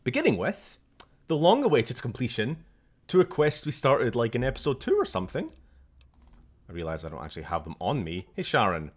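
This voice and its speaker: A man's voice: mid-range voice, big pitch swings, brisk, slightly rough. A young Scottish man chatting casually and jokily while streaming a game, swearing now and then.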